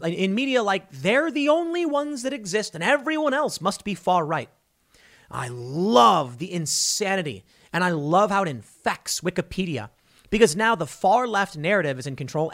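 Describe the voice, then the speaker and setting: A man in his thirties hosts political commentary, delivering opinionated online takes at a rapid clip. His voice is a little high for a man and a bit bright, and he stays combative and sardonic throughout.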